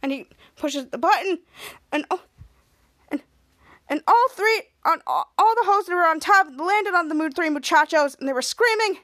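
Podcast host, woman, very high voice, rambling casual recap. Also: lively intonation, moderate pace, fairly bright tone. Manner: rambling, with frequent restarts.

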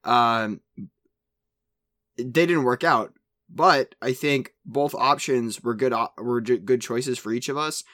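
A young man co-hosts a podcast in relaxed, explanatory chat. His voice sits at a middle pitch, recorded dry and close with no room sound. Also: slow pace, no room sound. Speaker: podcast co-host.

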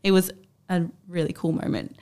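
A young woman in her twenties with an Australian accent, a podcast guest telling a personal story in a chatty, animated way and acting out what people said. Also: lowish voice, normal speed, gravelly. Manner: chatty, animated, acts out quoted speech.

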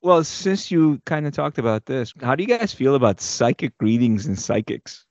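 A man's voice: mid-range voice, lively intonation, moderate pace, darkish tone, no room sound, dull audio. A man co-hosting a podcast in casual chat, reacting with short exclamations and asking questions. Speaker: podcast co-host.

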